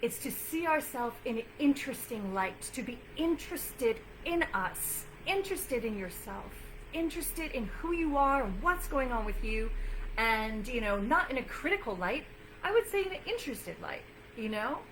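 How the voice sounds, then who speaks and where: A woman's voice: a little high, big pitch swings, moderate pace, fairly bright tone, slight background noise, poor audio. A woman nutrition coach talking casually to her viewers in an earnest, encouraging way, repeating phrases for emphasis and using plenty of fillers. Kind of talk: casual talk to camera.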